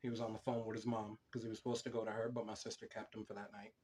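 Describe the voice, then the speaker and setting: A young man co-hosting a casual podcast, telling stories in a lively, foul-mouthed way. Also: fairly low pitch, rapid-fire, slightly rough. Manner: swears a lot, animated storytelling. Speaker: podcast co-host.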